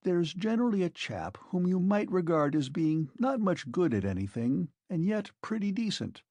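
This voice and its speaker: A man's voice: high-pitched, sing-song, moderate pace, mellow, no echo, pitched above the performer's own voice, heavily acted. A man reading an audiobook, voicing an earnest, shy young man who speaks hesitantly.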